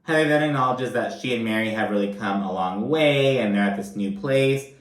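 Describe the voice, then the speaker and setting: A man's voice: mid-range voice, fairly quick. A man casually recapping a reality TV episode, chatty and swearing freely, often asking "you know what I mean?". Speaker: TV recap host. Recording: roomy, distant mic, faint hum.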